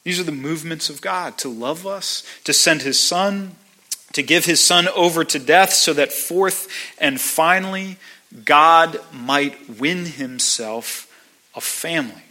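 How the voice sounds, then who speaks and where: A man delivers a sermon in a church, his voice sitting a touch high for a man and sounding bright and forceful. He speaks slowly and deliberately, leaning into repeated phrases for emphasis. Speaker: pastor.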